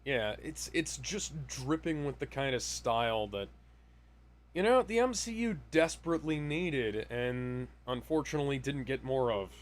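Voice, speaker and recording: Male podcast co-host, casual and profane, average pitch. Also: expressive, normal speed. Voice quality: profane, offhand and rambling. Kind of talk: casual movie chat.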